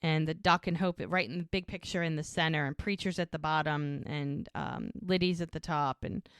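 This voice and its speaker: Smooth low-voiced woman recapping scenes. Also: steady tone, moderate pace, no room sound, studio quality. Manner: retells scenes, quoting the characters' lines in little voices. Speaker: podcast co-host recapping episodes. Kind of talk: casual recap chat.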